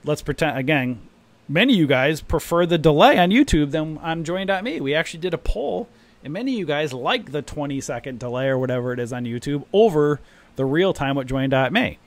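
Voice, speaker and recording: A man's voice: fairly high pitch, a little fast. A man hosting a live stock trading stream, explaining charts and acting out panicking new traders. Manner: animated, acts out panicking traders. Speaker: trading room host. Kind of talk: live stream market commentary.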